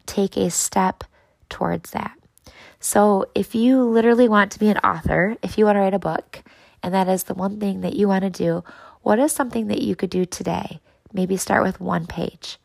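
A woman's voice: mid-range voice, vocal fry, a little mellow, no room sound, poor audio. A woman in her thirties hosting a podcast, talking earnestly and encouragingly straight to her listeners. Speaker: podcast host. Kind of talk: motivational podcast talk.

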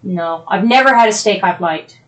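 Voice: mid-range voice, normal speed, low-quality recording. A young adult co-host of a podcast, chatting casually with friends while scrubbing a stain out of the carpet. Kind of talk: casual chat.

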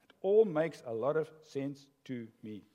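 An older man preaching a sermon as pastor, an animated storyteller who laughs at his own jokes. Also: mid-range voice, measured pace, muffled recording. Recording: long hall reverb.

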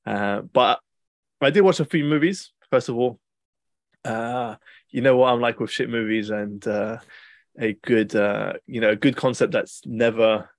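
A young man hosts a casual podcast chat, wandering through animated, rambling stories full of fillers and restarts. His voice sits at an ordinary middle pitch, and the recording is close and dry with no room sound. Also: measured pace, no echo. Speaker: podcast host.

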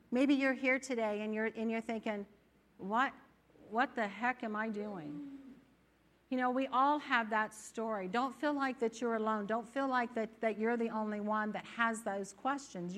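Woman giving a sermon at church, bright higher voice, chatty and animated. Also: unhurried, a little hiss or hum. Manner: animated, acts out inner voices. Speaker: preacher.

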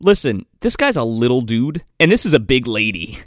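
A man's voice: mid-range voice, sing-song, normal speed, dry recording, clean studio sound. A man co-hosting a podcast, talking crudely and incredulously, swearing all the time as he recaps a movie. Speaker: podcast co-host reviewing a movie. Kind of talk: casual profane chat.

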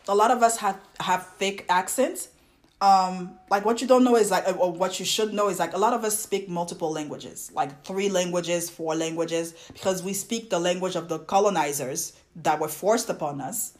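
Exasperated Ivorian French-accented woman. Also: medium pitch. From Côte d'Ivoire. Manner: exasperated, ranting with frequent fillers and restarts. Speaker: podcast host. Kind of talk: casual monologue to listeners.

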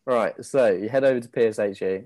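A man's voice: on the low side, brisk, a little mellow. A man narrating a comedic tabletop game as game master, in a loose, chatty way. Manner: loose, chatty, laughing and restarting.

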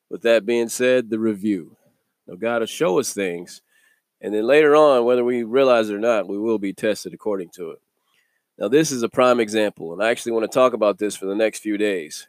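A man hosting a daily devotional video, teaching from the Bible in a relaxed, conversational way and chuckling between thoughts. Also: fairly low pitch, no echo, clean studio sound.

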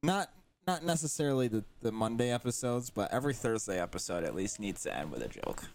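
A man's voice: mid-range voice, sing-song, fast talker, a little mellow, slight background noise. Easygoing male podcast co-host. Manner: easygoing, steers the show. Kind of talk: casual podcast chat.

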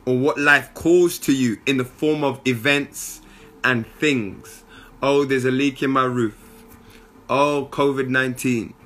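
A young man gives a casual motivational monologue, slangy and animated, full of asides. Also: medium pitch.

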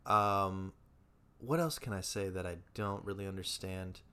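A man's voice: sits low, unhurried, sharp tone, smooth. A young man co-hosting a casual podcast, blunt and openly judgmental, swearing freely as he talks. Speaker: podcast co-host. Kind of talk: casual chat.

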